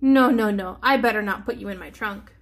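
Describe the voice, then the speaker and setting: A woman's voice: medium pitch, brisk, close to an everyday voice. A woman voicing a grumpy old man who grumbles and scolds his worn-out hat in a storybook read-aloud. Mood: grumbling. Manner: scolding, muttering to himself.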